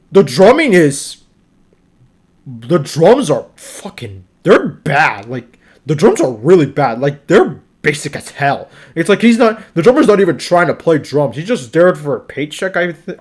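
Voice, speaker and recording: A young man giving a casual album review, exasperated and rambling, full of restarts and swearing. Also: sits high.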